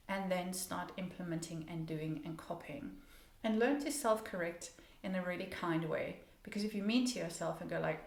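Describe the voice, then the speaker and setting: A woman pronunciation coach teaching English casually, slowly demonstrating sounds and repeating words, encouraging her viewers. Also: lowish voice, reverberant. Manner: encouraging, speaks directly to viewers.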